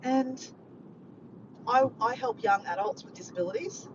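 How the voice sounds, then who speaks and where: A woman's voice: on the high side, normal speed. A woman, chatting casually to camera in a rambling, upbeat vlog. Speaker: vlogger. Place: in a car while driving. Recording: muffled with clear road noise.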